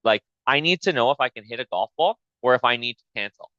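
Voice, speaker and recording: A man's voice: medium pitch, fast talker, dry recording, lo-fi sound. A man hosting a podcast, telling a story in a casual chat and swearing freely as he acts out the back-and-forth. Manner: profane, animated retelling with quoted back-and-forth. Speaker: podcast host.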